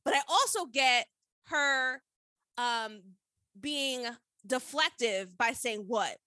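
A woman's voice: sits high, lively intonation, slow, pushed and bright, no room sound. A woman co-hosting a casual chat, animatedly retelling a TV scene and quoting the characters. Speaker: podcast co-host. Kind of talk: casual chat recapping a TV episode.

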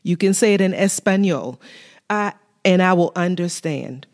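A woman's voice: on the low side, expressive, normal speed, a little mellow. A woman co-hosting a faith talk show with her husband, speaking candidly and with humor about marriage.

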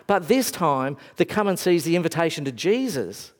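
A man with a slightly high voice preaches a sermon in a large hall, his words trailing off into a long reverb. His delivery is reflective and conversational, and he moves between raised emphasis and quiet, hushed moments. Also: expressive, brisk.

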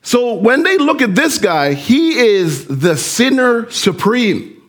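Animated high-voiced male preacher. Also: takes it slowly. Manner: animated preaching, asks the listeners direct questions. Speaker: pastor. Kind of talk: sermon.

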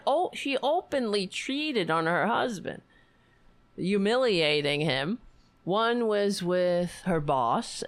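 Sarcastic woman ranting on her own show, swears a lot, slow and very up-and-down. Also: lowish voice. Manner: sarcastic, indignant, swears freely, laughs mid-sentence. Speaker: political commentary host. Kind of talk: casual political rant.

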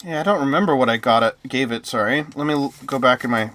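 A man's voice: medium pitch, fast, a bit bright. A man co-hosting a casual movie review chat, talking in a chatty, joking way and spinning playful theories. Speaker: podcast co-host.

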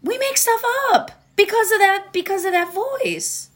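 A woman's voice: very high-pitched, unhurried. A woman hosting a motivational podcast, talking casually and directly to her listeners with frequent laughs. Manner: chatty, laughs often, addresses listeners directly. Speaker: podcast host.

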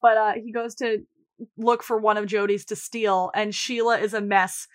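A woman co-hosting a podcast, recapping a TV episode in casual chat and telling the plot briskly. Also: mid-range voice, little pitch movement. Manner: brisk storytelling, quotes characters in put-on voices. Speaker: podcast co-host.

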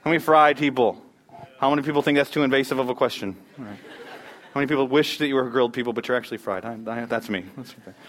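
Fast-talking upbeat pastor, a man. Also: mid-range voice, fairly bright tone. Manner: upbeat, joking, quizzes the crowd. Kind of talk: church announcements, prayer and playful audience sermon opener.

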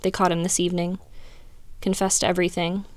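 A woman's voice: on the low side, level tone, fairly quick, no room sound, close to an everyday voice. Scully, a woman reading as a guarded agent. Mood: subdued. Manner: clipped, defensive. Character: guarded woman FBI agent, defensive and proud.

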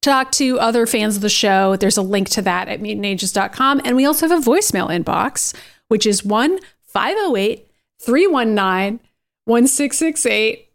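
A woman's voice: fairly high pitch, lively intonation, moderate pace. A woman co-hosting a podcast, chatty and upbeat in a casual chat, laughing easily. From Boston area. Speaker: podcast co-host.

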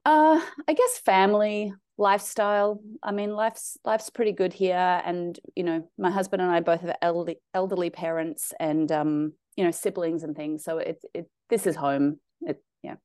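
Interviewgast, weiblich, australischer Akzent, sehr tiefe Stimme, trockene Aufnahme. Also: female voice, lowish voice, steady tone, darkish tone, clear, resonant tone, no echo, studio quality. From South Africa. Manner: friendly and chatty, quick to laugh. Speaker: guest, New Testament professor. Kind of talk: casual interview conversation.

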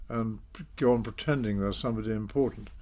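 Older Englishman, low measured voice. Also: a little mellow. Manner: measured, self-deprecating, with frequent fillers. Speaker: interview guest, former politician. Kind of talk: reflective storytelling.

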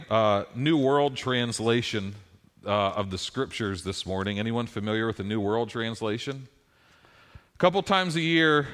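Animated male pastor preaching a sermon. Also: mid-range voice. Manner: animated storytelling with rising emphasis.

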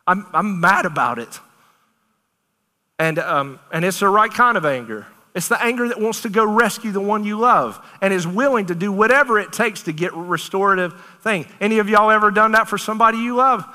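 Bright-voiced emphatic preacher in a hall. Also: male voice, high-pitched, a little fast. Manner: animated, emphatic, conversational preaching with Southern turns of phrase. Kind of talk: sermon.

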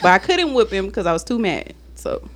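A woman's voice: mid-range voice, sing-song, a little fast, a little hiss or hum. A woman, a mother, in a casual chat among friends, speaking in an emphatic, scolding way.

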